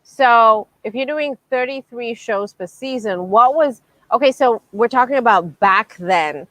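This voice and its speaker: A woman's voice: a little high, expressive, measured pace, fairly bright tone, no echo. Woman host asking brief questions. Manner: brief encouraging interjections and questions. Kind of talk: interview chat.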